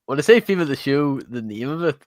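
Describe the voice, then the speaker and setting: A man co-hosting a casual chat, talking in a relaxed way. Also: mid-range voice, fairly quick, no echo. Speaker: co-host.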